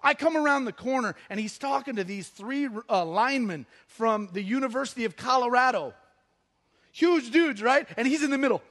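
High-voiced man preaching a lively sermon. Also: normal speed. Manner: animated storytelling, acting out the people in his stories. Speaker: pastor. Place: church service.

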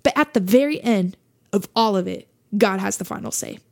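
A woman's voice: medium pitch, moderate pace, darkish tone. A woman hosting a faith podcast, talking earnestly in a monologue and repeating her points for emphasis. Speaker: podcast host.

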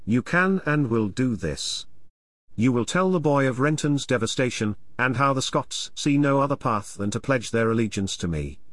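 A man voicing a scheming lord who gives slow, commanding orders. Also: medium pitch, expressive, a bit bright, dry recording, close to an everyday voice.

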